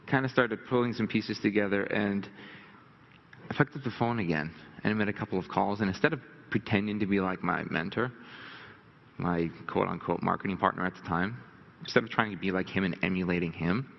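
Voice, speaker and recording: A low, gravelly man talks to a live audience as a motivational speaker, rambling and candid and quick to put himself down. His voice rings through a large hall on a dull, lo-fi recording. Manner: candid, rambling, self-deprecating. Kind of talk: storytelling talk to a live audience.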